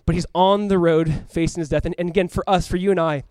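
A male pastor preaching a sermon and closing in prayer, swinging between loud urgent calls and hushed quiet passages. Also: high-pitched, steady tone, quick pace, clean tone, no echo. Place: church room with congregation.

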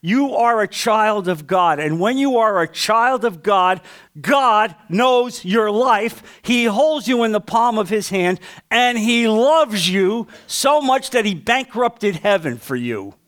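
A male pastor preaching a sermon with passion, asking the congregation questions and swinging from loud to hushed. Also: high-pitched, animated, slow pace.

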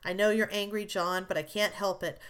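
A woman's voice: medium pitch, fairly even intonation, a little fast, a bit bright, clean tone, close to an everyday voice. Young wife, anxious and remorseful, voiced by a woman narrator; pleading, a touch raised. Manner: pleading, emotional.

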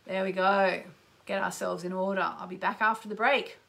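A woman with a gravelly, bright, forceful voice and little pitch movement speaks at normal speed while hosting a live astrology and card-reading radio show. Chatty and gushing, she greets listeners by name and bursts into exclamations with sudden upward pitch leaps.

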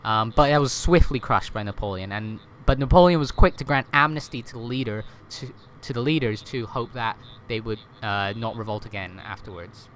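This mid-range male voice belongs to a podcast guest chatting casually about history. His delivery is full of fillers and rapid self-corrections, with frequent "right?" tag questions, and a faint noise runs underneath.

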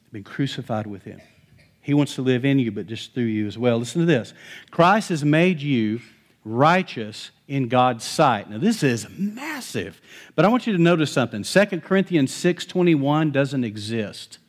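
A middle-aged male pastor preaching a sermon in a conversational, animated way, with touches of humor. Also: medium pitch.

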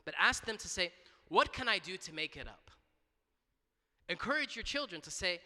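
A man's voice: high voice, very animated, moderate pace, pauses often, pushed and bright, long reverb tail. A man preaching a sermon in a church, talking conversationally with frequent restarts, repeated words and asides of "right?".

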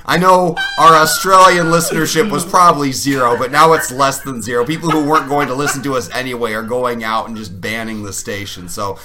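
A man co-hosting a podcast who trades dry, sarcastic jabs with his partner. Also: medium pitch. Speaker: podcast co-host. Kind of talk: casual bantering podcast chat.

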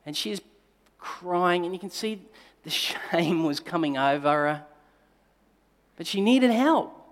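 A male pastor telling a personal story in a sermon, moving between forceful emphasis and quiet, tender passages. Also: high voice, animated, slow pace. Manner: dynamic storytelling, swinging between loud emphasis and hushed, tender delivery. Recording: long reverb of a large hall.

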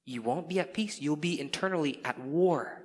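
A man's voice: a little high, normal speed. A man, a pastor preaching a sermon in an earnest way and telling candid stories on himself. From Indonesia. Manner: earnest, with candid self-deprecating storytelling. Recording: reverberant hall.

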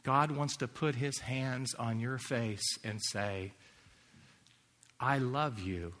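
Earnest guy preaching, bright forceful voice, long echo off a big hall. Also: mid-range voice, takes it slowly. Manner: earnest, drops to a hushed near-whisper for quotes. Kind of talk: sermon. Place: large hall or chapel.

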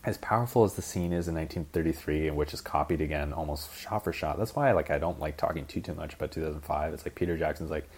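A man's voice: a bass voice, fairly even intonation, fast, few pauses, darkish tone, breathy edge. A young man hosting a solo podcast, rambling casually with lots of fillers, swearing, and acting out scenes as he retells them. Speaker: podcast host. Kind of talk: casual rambling film chat.

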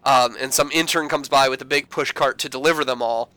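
A man in his thirties chats through an episode recap, slipping into playful voices for the characters. His voice is bright and smooth. It sounds close and dry, with no room echo. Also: mid-range voice, a little fast. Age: 30s. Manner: animated, acts out characters in quoted voices, swears. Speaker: podcast co-host. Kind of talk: casual recap chat.

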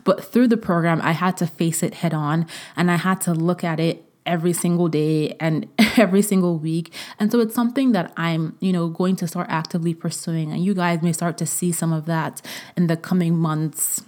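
Woman, solo podcast host, effusive, emotional, repeats herself, somewhat low voice. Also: steady tone, moderate pace, darkish tone.

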